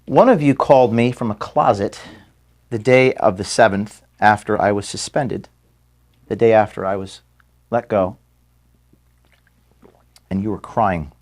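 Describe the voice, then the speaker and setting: Fighting tears, a man haltingly says goodbye to his staff from an office room, repeating words and apologizing for the emotion. He has a fairly low, slightly mellow voice.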